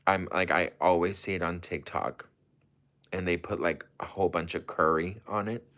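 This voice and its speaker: A man's voice: low voice, fairly even intonation, moderate pace, a bit bright. A man hosting a casual livestream, reading viewer comments aloud and chatting in an effusive, rambling way. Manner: effusive and gushing, rambling with lots of "like". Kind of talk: casual live-stream chat.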